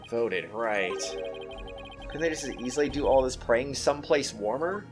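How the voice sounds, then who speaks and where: A man voicing a wry, dry adult male defense lawyer, reading game dialogue aloud in a deadpan, sarcastic way. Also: mid-range voice, normal speed, music in the background, close to an everyday voice.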